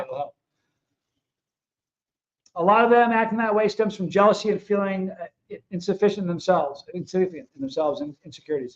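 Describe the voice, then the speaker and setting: A man with a high, slightly bright voice hosts his own livestream show, recorded with dull lo-fi sound. He talks casually and bluntly to his viewers, fired up and confrontational.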